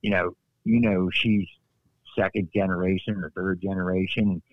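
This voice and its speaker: A man's voice: deep voice, moderate pace, no echo. Middle-aged male guest, folksy storyteller, dry close sound, a bit dull. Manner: lively storyteller, folksy asides. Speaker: guest former wrestler. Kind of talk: casual storytelling on a podcast. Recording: slightly dull dry remote audio.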